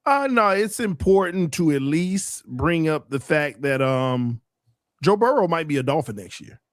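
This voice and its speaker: A man with a fairly high voice chats about football on a loose roundtable show. He laughs often and defends his team with playful stubbornness. The sound is dry and close. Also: lively intonation, measured pace, dry recording. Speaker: co-host, Dolphins fan. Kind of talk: casual sports roundtable chat.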